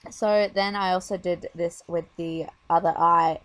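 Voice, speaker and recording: A woman's voice: lowish voice, fairly even intonation, unhurried, fairly bright tone, no room sound. A woman talking casually over her makeup tutorial, chatty and rambling with lots of fillers.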